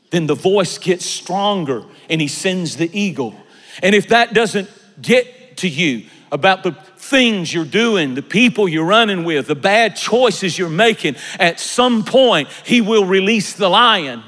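A man preaching a sermon, swinging from soft, hushed passages to shouted emphasis. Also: sits high. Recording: long hall reverb.

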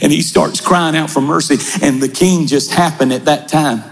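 High-pitched preaching man in a big hall. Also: creaky, a little hiss or hum. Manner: preaching with shouted builds and slow dramatic pauses. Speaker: pastor. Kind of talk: sermon. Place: large church. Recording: large hall reverb with faint music.

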